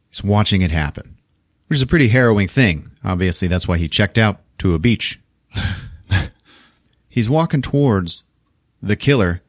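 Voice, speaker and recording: Man, low voice, lively swinging pitch, dry close sound, animated movie recap with acted-out lines, frequent laughs. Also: no echo. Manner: animated retelling, acts out characters' lines, laughs often, swears a lot. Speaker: podcast host.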